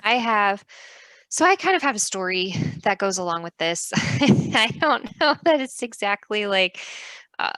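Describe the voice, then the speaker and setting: A woman in her thirties co-hosts a faith podcast in a casual, chatty way. Her voice is bright and forward, and the recording is close and dry. She tells stories with animated energy, slipping into quoted voices and laughing. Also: mid-range voice, measured pace, no room sound. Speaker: podcast co-host.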